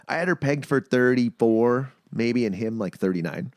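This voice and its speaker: A man's voice: medium pitch, fast talker, few pauses, a little mellow, no room sound, studio quality. A man from Manitoba hosting a casual podcast chat, telling stories and acting out the people he quotes. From Manitoba, Canada. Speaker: podcast host.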